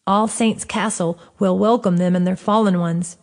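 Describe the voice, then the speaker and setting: Shadow, an eager little female companion from a fantasy storybook, speaks keenly, as a woman reads her lines. The voice stays close to the reader's own, lightly brightened with eagerness. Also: medium pitch, steady tone, long reverb tail, natural voice. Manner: eager, quick reading voice.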